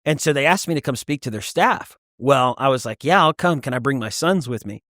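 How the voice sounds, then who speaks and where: A man hosting a podcast, talking in relaxed casual chat and chiming in often. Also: mid-range voice, brisk, no room sound, clean studio sound. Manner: relaxed, conversational, chimes in often. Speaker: podcast host.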